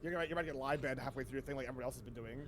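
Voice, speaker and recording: Fast-talking, teasing male guest. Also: mid-range voice, noisy background. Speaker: stream guest. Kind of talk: casual live-stream chat.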